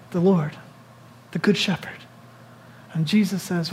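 A pastor preaching a sermon in an animated, conversational way, putting questions to the congregation. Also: medium pitch, moderate pace, pauses often, slight background noise.

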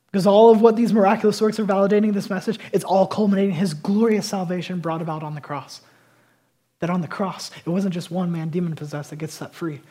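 A man preaching a passionate sermon, swinging between loud emphasis and quiet intensity. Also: high voice, breathy edge. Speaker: pastor.

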